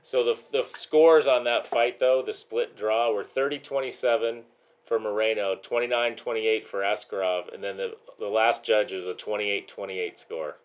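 A man's voice: on the low side, steady tone, moderate pace. A man co-hosting a casual chat about fights, asking questions and giving facts plainly. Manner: matter-of-fact, asking questions.

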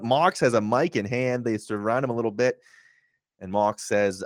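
Low-voiced man recapping wrestling. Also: expressive, brisk, no room sound. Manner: recounts promos, acting out wrestlers' lines. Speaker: wrestling podcast co-host. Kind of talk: casual recap chat.

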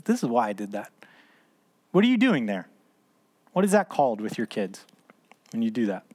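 With a mid-range voice, this man, probably in his thirties or forties, guides a small discipleship group at church. His teaching is relaxed and chatty, full of questions he answers himself, and it ends in prayer.

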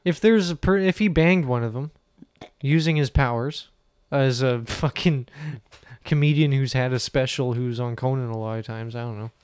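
A man's voice: medium pitch, normal speed, a little mellow, clear, resonant tone, no echo, studio quality. A man co-hosting a podcast in loose, crude, laughing casual banter. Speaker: podcast co-host. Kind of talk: casual chat.

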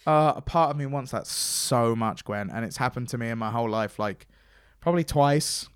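A man telling convention stories in casual chat, acting out quoted lines in a higher voice. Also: normal speed, clear, resonant tone, dry recording, clean studio sound. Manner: chatty storyteller, acts out quotes in a higher voice. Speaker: podcast host and stage host.

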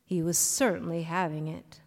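A woman giving an expressive live reading of a short story on a hall stage. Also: lowish voice, normal speed. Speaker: reader.

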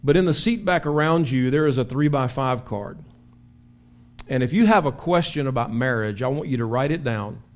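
A man preaching a sermon as pastor in a church, telling stories with lively acted-out shouts. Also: medium pitch, moderate pace. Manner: animated storytelling with acted-out shouts. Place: church sanctuary.

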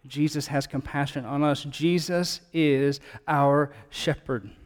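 A male pastor with a fairly high voice gives an earnest sermon in a casual, talking-to-you way. His voice carries a long echo from a large hall. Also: steady tone, takes it slowly. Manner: earnest, conversational, builds up with emphasis.

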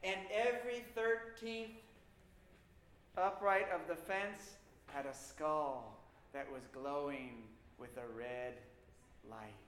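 Brief: a man narrating a ghost story with lively suspense and drawn-out pauses, recorded in a roomy echoey space. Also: on the high side. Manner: animated, suspenseful, dramatic pauses. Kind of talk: spooky folktale storytelling. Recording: echoey room with faint noise.

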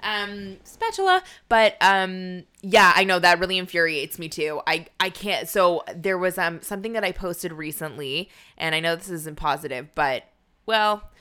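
A woman's voice: on the low side, moderate pace, sharp tone, clean tone. A woman comedian co-hosting a podcast, talking casually with lots of fillers and restarts. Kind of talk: casual chat.

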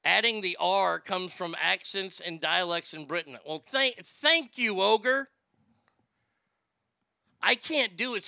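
Male host, casual rambling chat, stammers and swears, smooth resonant voice. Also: high-pitched, pushed and bright, no echo, studio quality. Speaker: show host.

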